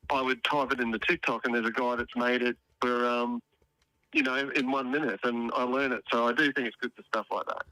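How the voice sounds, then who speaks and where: A man's voice: medium pitch, sharp tone, no echo, low-quality recording. Wry rambling man on a dry line. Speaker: call-in guest. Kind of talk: casual phone-in chat.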